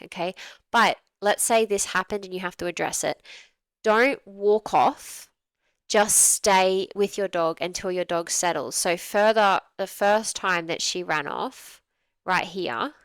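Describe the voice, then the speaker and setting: A woman dog trainer offers relaxed, conversational commentary on a training clip, often acting out examples to make her point. Her voice is smooth and resonant at a middle pitch. The low-quality recording is close and dry, with no echo.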